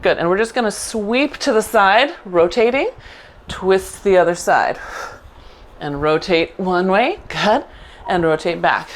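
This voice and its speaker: A middle-aged woman leads a Pilates mat class in a voice of ordinary pitch, calling out short, encouraging cues and praising her students at every step. A faint hiss sits under the recording. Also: measured pace. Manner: encouraging, upbeat cues with frequent "good". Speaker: Pilates instructor. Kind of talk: live online class instruction.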